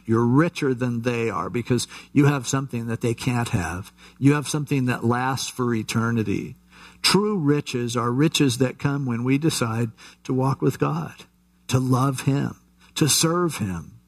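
A male pastor gives a Bible-teaching sermon in an unhurried, conversational way. His voice sits at an ordinary middle pitch. He talks in loose, chatty asides and often restarts his sentences.

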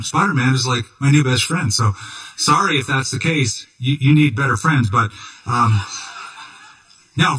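Guy preaching in church, sharp bright tone, a bit far off the mic, chatty asides. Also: a little high. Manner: conversational preaching with asides and emphatic repetition. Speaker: pastor. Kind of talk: sermon.

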